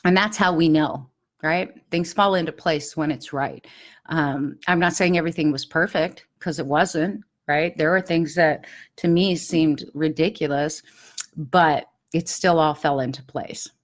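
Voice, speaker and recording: A woman's voice: low-pitched, a little slow. A middle-aged woman hosting a podcast, giving an earnest, confiding personal spiritual talk. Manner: earnest, confiding, animated when recalling pleas. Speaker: podcast host.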